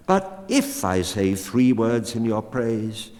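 A man plays a proud woman from a storybook, declaiming her lines loudly and with emphasis. The pitch swings widely and the words echo with a long hall reverb. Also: sing-song, slow. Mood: commanding. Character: proud, proper cave woman, commanding.

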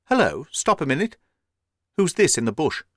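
A man reading aloud voices a quick, clear-spoken detective who gives urgent commands. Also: on the high side, very animated, a bit bright, dry recording, clean studio sound, pitched above the performer's own voice. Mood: brisk.

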